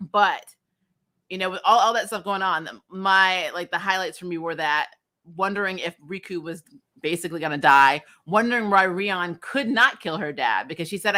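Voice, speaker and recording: A woman giving a casual, chatty spoken review of an anime episode, animated and laughing often, with plenty of fillers. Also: fairly low pitch.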